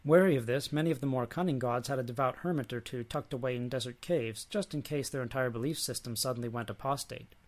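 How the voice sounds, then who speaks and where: A man delivers a lecture, reading a book passage aloud in a measured, dry manner. His voice sits at an ordinary middle pitch.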